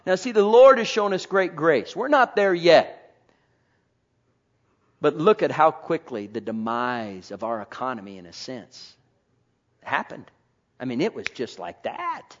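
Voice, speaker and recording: A man preaching a sermon, swinging between loud proclaiming and quiet asides. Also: fairly high pitch, sing-song, measured pace. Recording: dull lo-fi recording.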